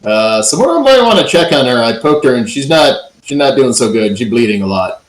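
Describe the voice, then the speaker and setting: A jittery male deckhand stammers out his report, pausing and restarting as he goes, as a game master puts him on. The voice sits at an everyday middle pitch and carries a roomy echo. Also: big pitch swings, natural voice. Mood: uneasy. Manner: hesitant, halting reports. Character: nervous male ship crewman.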